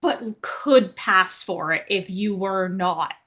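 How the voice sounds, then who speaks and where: A woman narrating scenes in a tabletop game in a casual, halting way. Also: mid-range voice, a bit bright.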